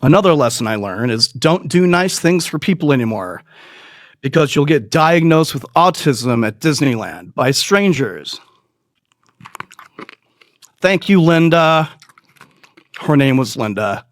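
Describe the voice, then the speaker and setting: A man's voice: lively intonation, a little slow, pauses often, no room sound, studio quality. Profane rambling man telling comic stories. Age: adult. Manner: profane, rambling, jumps into high squeaky voices for quoted people. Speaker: comedy podcast host. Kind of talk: comic storytelling monologue.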